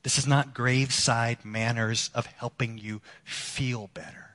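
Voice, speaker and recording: A man preaching a sermon as a pastor, earnest, moving between emphatic lines and hushed ones. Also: medium pitch, fairly even intonation, unhurried. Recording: long hall reverb.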